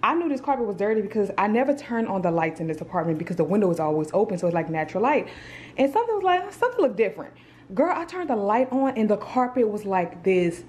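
A woman's voice: mid-range voice, expressive, quick pace, darkish tone, a little hiss or hum. A young woman chatting casually to her camera at home, calling her viewers "girl" and "y'all". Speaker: vlogger. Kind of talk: casual vlog chat to camera. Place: at home in an apartment. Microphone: camera on a tripod.

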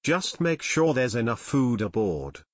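A stout, food-loving teen boy who boasts and jokes, read by a male narrator. The voice moves a lot in pitch and sounds dry. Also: sing-song, measured pace, no echo. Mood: jokey. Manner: boastful, joking.

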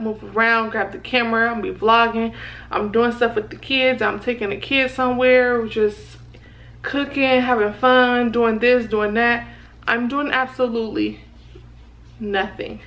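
A woman's voice: fairly high pitch, a bit bright, a little hiss or hum. A young woman, talking casually to her viewers in a vlog. She sounds out of breath and keeps calling her viewers "y'all.". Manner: chatty, repeatedly addressing viewers as "y'all". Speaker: vlogger.

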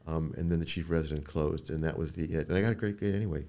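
Older man with a deep gravelly voice. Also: rapid-fire, hardly any pauses. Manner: storytelling, quotes people in animated voices. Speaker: neuro-oncologist guest. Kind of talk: podcast interview.

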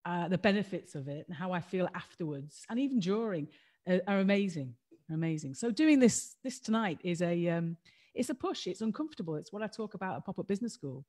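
A woman's voice: lowish voice, animated, a little fast, a little mellow. Frank, rambling woman on a livestream. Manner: self-deprecating, rambling and frank. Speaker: co-host. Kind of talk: candid livestream chat. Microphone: video call.

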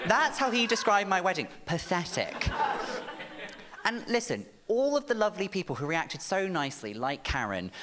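A man performing a camp, animated stand-up set on a comedy club stage. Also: high voice, moderate pace, a crowd in the background, noisy background. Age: 30s. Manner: camp, animated storytelling with sharp asides.

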